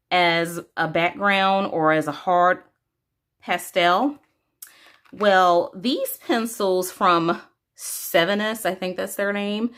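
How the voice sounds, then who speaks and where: A woman with a lowish voice hosts a casual coloring tutorial and talks her viewers through each step. She speaks very slowly and stretches out her words as she chats while she works.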